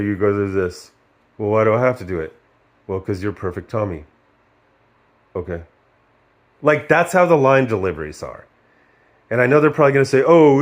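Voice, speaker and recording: A middle-aged man hosting a video, ranting casually about a film, swearing often and mocking others in sarcastic put-on voices. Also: mid-range voice. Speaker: video host reviewing a film.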